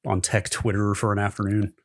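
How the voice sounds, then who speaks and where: A man's voice: lowish voice, level tone, a little fast, no room sound, studio quality. A man co-hosting a tech podcast, casually chatting, asking curious questions and summing up a blog post. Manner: curious, asks questions, reads aloud from a post. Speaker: podcast co-host. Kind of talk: casual chat.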